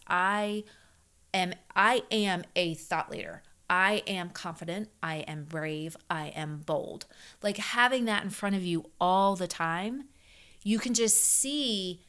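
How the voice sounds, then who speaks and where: Middle-aged woman coach, lowish voice, earnest, rambling, lots of ums. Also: fairly bright tone. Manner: earnest, repetitive, with many fillers. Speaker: leadership coach. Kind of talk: casual podcast talk.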